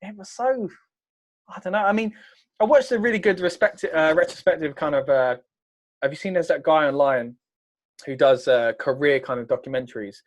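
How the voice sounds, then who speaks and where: A man's voice: a little high, moderate pace. A man co-hosting a casual wrestling reaction chat, rambling and trailing off mid-sentence. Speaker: co-host.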